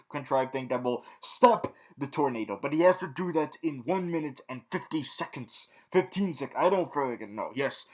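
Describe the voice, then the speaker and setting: A young man in a villain persona, rambling through a casual, snarky TV recap full of fillers and restarts. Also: a little high. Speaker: vlog host recapping a TV show.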